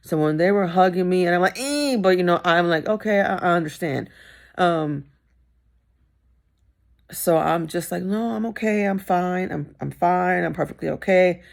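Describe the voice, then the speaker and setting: Low gravelly woman telling her story. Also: moderate pace. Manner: candid, emphatic, repeats phrases for stress. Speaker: vlogger. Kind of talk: personal storytelling vlog.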